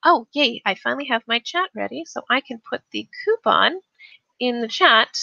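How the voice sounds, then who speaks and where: A woman's voice: fairly high pitch, animated, moderate pace, creaky, pushed and bright, no room sound, highs cut off. A woman teaching English on a casual live stream, chatting and reading the chat aloud, often restarting her sentences.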